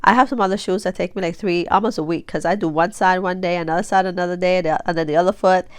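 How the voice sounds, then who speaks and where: Talking fast in a lowish, smooth voice with fairly even intonation, a craft vlogger in her forties rambles casually while crafting, full of fillers and restarts. Her nose is blocked after sneezing, and the recording is clean studio sound with no room tone.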